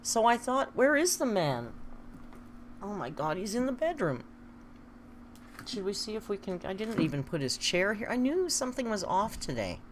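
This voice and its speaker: A woman's voice: mid-range voice, very animated, moderate pace, slight background noise. A woman chatting casually on a live stream, reading viewer comments aloud and laughing often.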